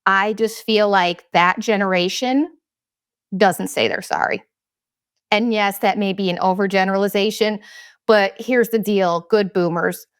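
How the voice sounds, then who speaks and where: A woman's voice: mid-range voice, fairly even intonation, unhurried, smooth, no echo, studio quality. A woman in her thirties hosting her own show, talking candidly and bluntly with plenty of swearing in a confessional, casual monologue. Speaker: podcast host.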